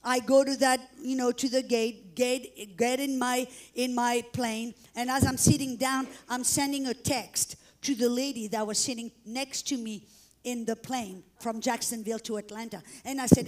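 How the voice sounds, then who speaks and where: A middle-aged woman preacher telling a dramatic testimony in a sermon, acting out the shouts and prayers she tells of. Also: a little high, steady tone, normal speed.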